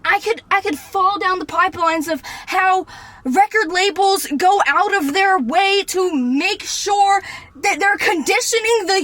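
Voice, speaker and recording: Young woman, vlog rant, very high voice, bright and forceful, swearing, heated. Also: dry recording. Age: 20s. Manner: fired-up, ranting, swearing, shouting at times. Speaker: vlogger. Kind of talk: unscripted rant to camera. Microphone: camera mic.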